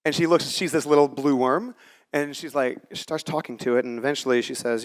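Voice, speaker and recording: A man's voice: mid-range voice, a little fast. A man in his forties giving a conversational, story-driven talk on a conference stage and acting out the lines he quotes. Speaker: conference speaker. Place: conference stage before a live audience.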